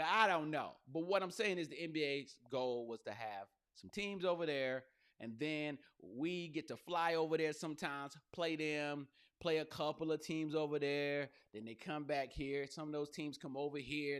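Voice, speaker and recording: A male podcast host and comedian delivering a loose, profane, riffing monologue, jumping into quick voices and asides. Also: on the high side, a bit bright.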